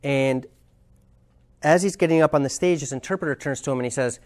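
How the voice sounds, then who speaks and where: A man leading a communication workshop, explaining ideas thoughtfully and telling a story, often pausing to search for words. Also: medium pitch, a little mellow. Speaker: communication trainer.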